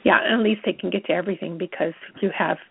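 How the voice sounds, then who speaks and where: A woman's voice: fairly low pitch, fast, vocal fry, husky, dry recording. A woman hosting an interview, encouraging her guest in loose, casual phrasing. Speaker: host. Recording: phone-line sound.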